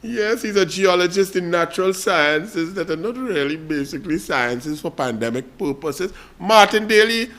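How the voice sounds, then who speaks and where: A man's voice: high-pitched, expressive, moderate pace, hardly any pauses, a bit bright. A man with a Trinidadian accent hosting a political talk show, delivering a fiery, mocking commentary monologue straight to his listeners.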